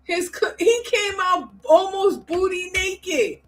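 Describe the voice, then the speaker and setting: A woman's voice: very high voice, slow, background noise. A woman co-hosting a casual reaction chat, playful and teasing. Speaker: co-host.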